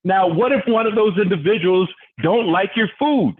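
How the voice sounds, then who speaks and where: A high-voiced man leads a business training over a conference call and gets fired up as he goes. His delivery is preachy and energetic, and he keeps asking his listeners questions. The audio is thin and tinny, like a phone line. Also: normal speed.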